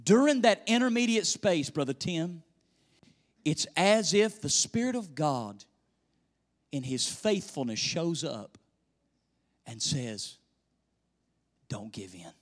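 A male pastor preaching a sermon in a church, swinging between loud emphasis and hushed near-whispers. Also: a little high, big pitch swings, slow pace, pauses often. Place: church sanctuary. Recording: echoey church hall reverb.

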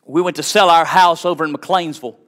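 Fervent preacher, higher voice. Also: male voice, steady tone, fairly quick. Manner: fervent preaching, swings from hushed to shouting. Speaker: pastor. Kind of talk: sermon with storytelling.

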